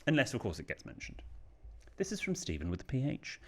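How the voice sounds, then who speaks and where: A British man co-hosts a podcast, reading listener letters aloud in casual chat with a lively, animated reading voice. His voice is mid-range and a little fast.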